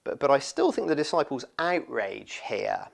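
Gravelly man preaching a sermon. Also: mid-range voice, moderate pace. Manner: expressive, acts out quoted voices.

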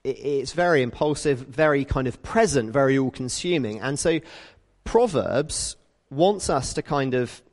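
A British man giving a conversational sermon, telling stories in a lively way and acting out the people in them. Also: medium pitch, big-room sound. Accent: British English. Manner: lively storytelling, acts out quoted people. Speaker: preacher.

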